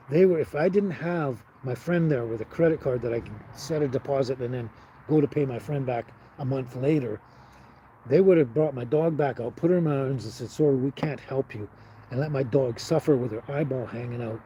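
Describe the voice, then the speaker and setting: A man's voice: medium pitch, normal speed, mellow, a little hiss or hum, rough recording. Man rambling on a live stream. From Canada. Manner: rambling, talks to chat viewers by name. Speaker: livestream host. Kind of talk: casual live-stream chat.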